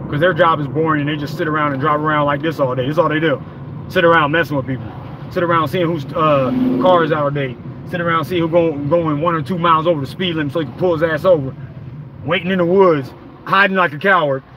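Recording on his phone while he drives, a vlogger with a slightly high voice rants angrily and profanely, rambling on over background noise.

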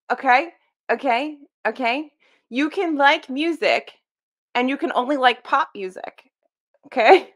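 Young woman, slightly high voice, exasperated and emphatic reaction vlogger. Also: bright, forceful tone. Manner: exasperated, emphatic, swears and laughs. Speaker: book video creator reacting to a clip. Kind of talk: casual reaction commentary.

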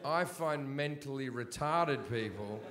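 An Australian man doing live stand-up, telling a crude story in a brash, deadpan way. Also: medium pitch, measured pace, a crowd in the background. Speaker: stand-up comedian.

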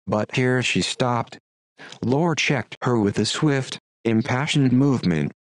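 A computer-generated male voice reading a classic story aloud, delivering narration and dialogue in the same even, machine-like way. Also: mid-range voice, slow pace, no echo. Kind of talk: text-to-speech audiobook narration.

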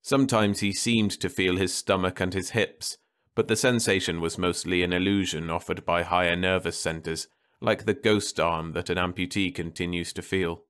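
A man narrating a bleak science fiction story in a calm, measured bedtime reading. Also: sits low.

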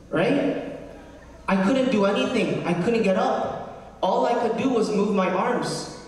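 A young man, a deacon, giving an earnest personal testimony in a sermon and often checking in with the congregation. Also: high voice. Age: young adult. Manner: earnest storytelling, addresses the congregation with "right?". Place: large cathedral. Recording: echoey cathedral hall from far off.

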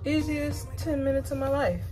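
A woman chatting casually to viewers in a fitness vlog, animated and out of breath, with sudden high exclamations. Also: moderate pace, over music, poor audio. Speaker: fitness vlogger. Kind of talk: casual vlog chat to camera.

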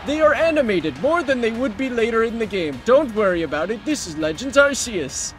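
A man voicing a self-important businessman who narrates in boastful, halting broken English. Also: very high voice, very animated, over music. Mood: pompous.

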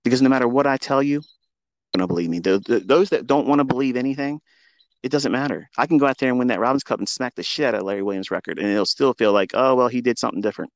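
This live audio room host talks fast at a medium pitch, delivering a swear-laden rant full of taunts and aggression. His voice comes through a remote call with no room sound.

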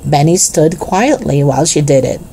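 A woman reading a children's chapter book aloud in a gentle, expressive way. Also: deep voice, moderate pace, gravelly, slight background noise. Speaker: narrator.

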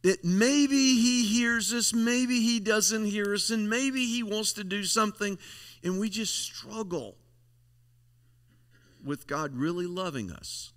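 A man's voice: high voice, slow, a bit bright. A male pastor preaching a folksy, emphatic sermon, leaning on repeated phrases. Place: church sanctuary. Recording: long church hall reverb.

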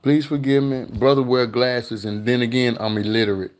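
A man's voice: mid-range voice, steady tone, normal speed, darkish tone. Chatty older man hosting a live cooking stream. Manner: chatty, reads viewer comments aloud and greets viewers; laid-back with slangy asides. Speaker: cooking channel host. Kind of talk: casual live-stream chat.

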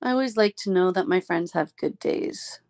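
A woman's voice: fairly low pitch, normal speed, a little mellow. A woman hosting a casual live stream, chatting affectionately with friends and laughing often.

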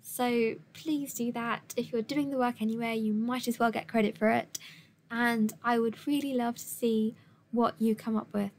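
A woman teacher giving a recorded lesson in clear, measured instructions, with an occasional filler. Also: a little high, fairly even intonation, darkish tone, slight background noise.

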